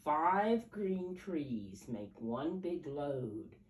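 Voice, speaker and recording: A woman's voice: low-pitched, big pitch swings, extremely slow, darkish tone. An older woman reading picture books aloud to small children in a coaxing, teacher-like way, counting along and asking them questions. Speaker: storyteller for preschoolers. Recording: roomy echo, mic at a distance, faint background hum.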